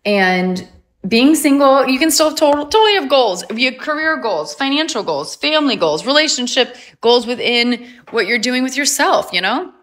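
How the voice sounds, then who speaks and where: A woman's voice: high voice, lively intonation, normal speed, a bit bright. A woman, chatting casually and upbeat on a livestream and laughing often. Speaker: livestream host.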